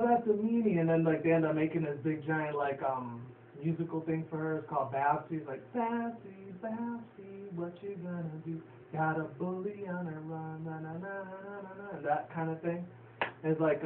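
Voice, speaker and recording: A man recapping a cartoon episode in a loose, rambling way, full of fillers and casual swearing. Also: on the high side. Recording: distant, roomy, phone-like, faint hiss.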